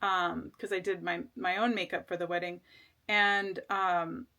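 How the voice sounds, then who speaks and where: A woman's voice: fairly low pitch, steady tone, unhurried, vocal fry, bright, forceful tone. A woman talks through a tarot reading in a loose, casual way. She rambles, trips over restarts and leans on fillers. Her tone stays earnest and reassuring. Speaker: tarot reader.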